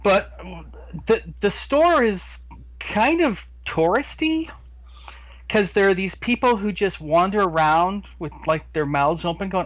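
A man co-hosting a podcast who fires off quick, deadpan quips in casual chat. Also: high voice, no room sound, low-quality recording. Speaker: podcast co-host.

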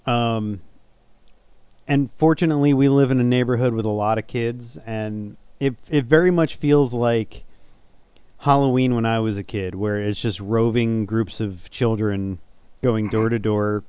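Man, casual podcast chat, smooth resonant voice, dry close sound. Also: mid-range voice, a little slow, dry recording. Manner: relaxed storytelling with laughs. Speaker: podcast host.

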